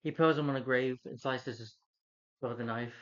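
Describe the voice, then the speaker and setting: A man talking through a movie review in a loose, rambling rant, heavy on fillers, restarts and swearing. His voice sits at a middle pitch. The recording is a little dull and lo-fi. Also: steady tone, normal speed, fairly bright tone. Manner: rambling, casual and profane, with many fillers. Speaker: film reviewer.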